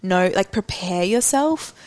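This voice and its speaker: A woman's voice: mid-range voice, lively intonation, unhurried, a little mellow, no room sound. A young woman co-hosting a podcast in casual chat, chatty and full of "like". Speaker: podcast co-host.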